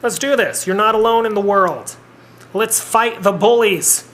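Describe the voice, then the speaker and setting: 30-something vlogger rambling earnestly to the cam, mid-pitched voice, blunt swearing. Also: measured pace, fairly bright tone, a little hiss or hum. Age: 30s. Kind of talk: personal vlog monologue.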